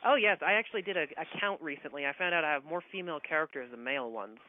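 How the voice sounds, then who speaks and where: A young man, an author taking fans' questions on a phone call, friendly and quick to laugh. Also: a little high, no echo. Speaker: author guest. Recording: tinny phone line with faint hiss.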